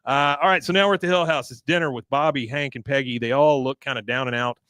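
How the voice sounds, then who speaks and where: A man co-hosting a rewatch podcast, walking through an episode scene by scene at an ordinary middle pitch. He slips into the characters' lines as he goes. The sound is close and dry. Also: quick pace, smooth, dry recording. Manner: retells scenes with animated quoted voices. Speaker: podcast co-host. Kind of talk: casual episode recap, acting out quotes.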